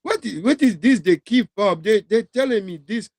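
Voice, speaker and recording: A man voicing a confused, flustered woman shopper who talks in a slow, worried, bewildered way. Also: sits high, lively intonation, no room sound, clean studio sound.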